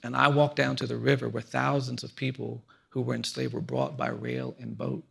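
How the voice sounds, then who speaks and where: A man in his fifties speaking earnestly in a reflective conversation, telling personal stories in a measured way that often drops to a hushed, low voice. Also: creaky, slightly rough. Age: 50s. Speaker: guest speaker.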